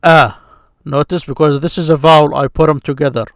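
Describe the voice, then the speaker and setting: A man's voice: on the high side, fairly even intonation, vocal fry, no echo, studio quality. A man teaching an Arabic grammar lesson, speaking patiently and sounding out syllables again and again. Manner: slow, patient, repeats syllables aloud. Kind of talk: screen-share grammar lesson.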